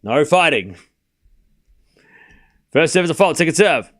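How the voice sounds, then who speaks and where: A man's voice: a little high, animated, unhurried, fairly bright tone. A man hosting a live tennis watchalong stream, calling points and chatting casually with his viewers. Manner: chatty, laughs often, talks to chat. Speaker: host.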